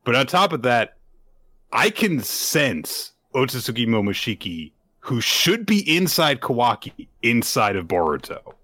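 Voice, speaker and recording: A man's voice: medium pitch, sing-song, unhurried, bright, forceful tone, dry recording. A man hosting a casual manga review chat, rambling with lots of fillers and cheerful swearing. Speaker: podcast host.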